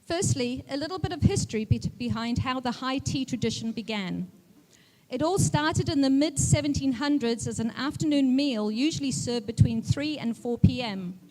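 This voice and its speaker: A woman's voice: high-pitched, animated, normal speed, a little mellow. A woman raised in Central Africa with a mixed British, southern African and New Zealand accent, giving a chatty, self-deprecating speech at an event with a touch of put-on poshness. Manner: chatty, self-deprecating, mock-posh delivery. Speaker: guest speaker. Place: event hall with music. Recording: music playing faintly behind.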